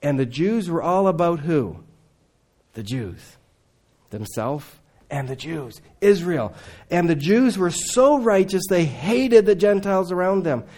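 Man preaching with loud and hushed swings. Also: very animated, a little slow. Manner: swings from loud emphatic to hushed low tones. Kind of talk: sermon.

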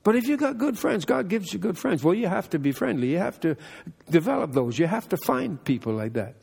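Older pastor with gravelly husky voice. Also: male voice, high-pitched, sing-song, brisk, darkish tone. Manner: folksy, chatty with joking asides. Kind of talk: conversational sermon. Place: church hall. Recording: echoey hall reverb.

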